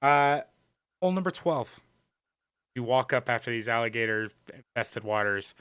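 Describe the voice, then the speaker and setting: A man's voice: mid-range voice, lively intonation, normal speed, long pauses, fairly bright tone, clean tone, no room sound, studio quality. A young man co-hosting a podcast, talking in a loose, joking way with a lot of swearing and laughter. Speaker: podcast co-host. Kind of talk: casual chat.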